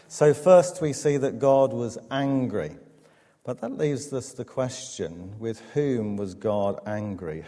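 A man preaching a sermon, measured and emphatic, with dramatic pauses. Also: on the low side, mellow. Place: church. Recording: long church reverb.

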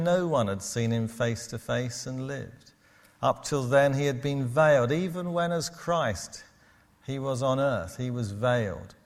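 A man preaching a sermon to his congregation in a church, measured and steady. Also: mid-range voice. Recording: long hall reverb.

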